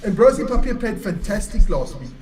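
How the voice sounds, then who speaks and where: A man from South Africa co-hosting a rugby chat, measured and a bit hesitant. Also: sits high, sing-song, a little mellow, slight background noise. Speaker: rugby show co-host. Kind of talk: casual chat.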